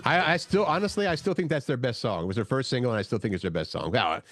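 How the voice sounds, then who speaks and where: A man's voice: medium pitch, lively intonation, racing, no echo, clean studio sound, soft background music. A man co-hosting a morning show, chatting casually and searching for his words as he rambles along. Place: radio studio.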